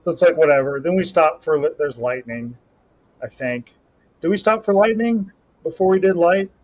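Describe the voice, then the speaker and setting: Young guy rambling animated on a podcast, kinda high voice, dull lo-fi mic. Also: normal speed. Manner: rambling, animated storytelling with self-talk asides. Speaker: podcast co-host and Highland Games athlete. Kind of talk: casual chat. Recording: slightly dull lo-fi audio.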